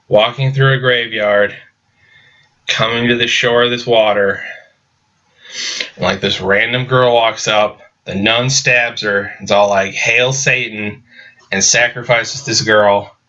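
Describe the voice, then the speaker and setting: A man's voice: fairly low pitch, sharp tone, muffled recording. A man giving a casual, sarcastic movie review, rambling with stumbling restarts.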